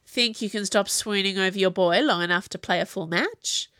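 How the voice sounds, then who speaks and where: Deadpan, blunt young woman corporal, as a narrator voices her, mid pitch. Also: moderate pace, no room sound, studio quality, close to an everyday voice.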